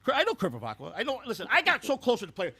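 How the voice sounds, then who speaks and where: A man's voice: very high-pitched, wildly swooping pitch, very fast, pushed and bright, husky, full character voice. A man playing a brash, foul-mouthed former baseball clubhouse worker who rambles through stories and trips over repeated words. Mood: boastful. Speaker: host. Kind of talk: scripted comedic character storytelling.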